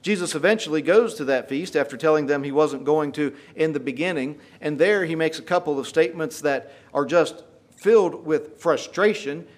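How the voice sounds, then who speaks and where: A man preaching a sermon, retelling scripture dramatically with folksy paraphrase and getting louder on the quoted lines. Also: a little high, normal speed. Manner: emphatic, rises in volume for quoted lines.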